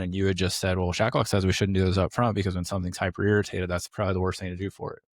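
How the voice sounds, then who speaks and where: A man's voice: deep voice, flat delivery, racing, few pauses, dry recording, clean studio sound. A man hosting a podcast who talks bluntly and emphatically, answering his own rhetorical questions in a casual clinical discussion. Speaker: podcast host, clinic owner.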